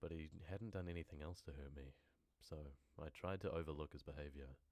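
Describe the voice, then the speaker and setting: A man's voice: very deep voice, a little fast, darkish tone, no room sound. A man reading true horror stories on a live stream and chatting casually with viewers between passages. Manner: casual, rambling asides to chat. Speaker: horror story narrator and streamer.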